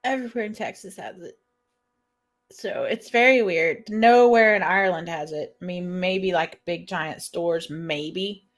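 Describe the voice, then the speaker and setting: A woman's voice: on the low side, a little slow. A woman co-hosting a casual chat show, laughing often as she talks. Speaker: co-host. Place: lives in Ireland.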